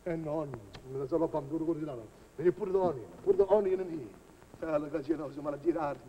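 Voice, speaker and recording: A man's voice: a little high, fast, dull audio, lightly acted. A man playing a boisterous mock-Italian cook. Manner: broken English mixed with Italian-sounding double-talk, excitable. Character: boisterous middle-aged male Italian cook. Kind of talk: live TV comedy sketch. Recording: scratchy hissy 1949 television recording.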